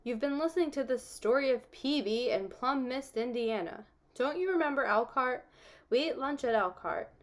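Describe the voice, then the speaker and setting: A woman's voice: high-pitched, lively intonation, normal speed, pitched above the performer's own voice. A woman voicing a folksy, teasing old grandfather with a hearty country drawl.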